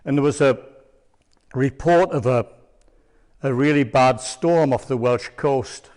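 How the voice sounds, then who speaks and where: A man's voice: mid-range voice, takes it slowly, darkish tone. Rambling older man telling a story. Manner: rambling, hesitant storyteller with many ums. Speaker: church speaker. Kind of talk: sermon testimony. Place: church.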